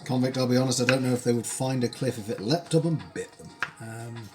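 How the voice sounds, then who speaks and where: A man's voice: medium pitch, brisk, over music. A British man chatting wryly while he cooks on a live stream, wandering into tangents and dry asides. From United Kingdom. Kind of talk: casual cooking stream chat. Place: home kitchen.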